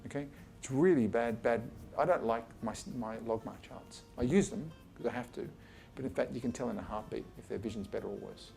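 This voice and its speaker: A gravelly-voiced man lectures colleagues in his office in a loose, chatty way. He is blunt and swears casually, acting out what patients say to him. Faint music sits behind his voice. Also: medium pitch, a little fast, hardly any pauses, darkish tone. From Australia. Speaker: eye surgeon giving a talk. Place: his office, talking to a small group.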